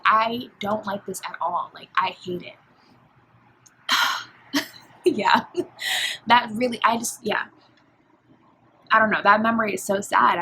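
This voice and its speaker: A woman's voice: mid-range voice, fairly bright tone, a little hiss or hum, low-quality recording. A woman in her twenties, a college student talking candidly in a casual confessional vlog from her dorm room, full of "like" and "um". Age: 20s. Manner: candid, emotional, lots of fillers like "like" and "um".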